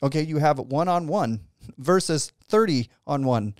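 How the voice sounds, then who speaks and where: A man's voice: a little high, lively intonation, measured pace, no room sound, studio quality. A man hosting a podcast interview, talking in a loose, rambling way with lots of restarts and easy laughs. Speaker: podcast host. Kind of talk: casual interview chat.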